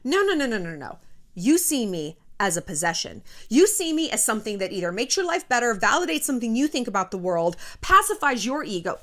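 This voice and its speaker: Brash woman vlogger, fairly high, swoops a lot, swears freely, pep-talk delivery. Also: very animated, brisk, fairly bright tone. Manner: blunt and profane, pep-talk tone. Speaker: YouTube host. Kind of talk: casual motivational talk to camera.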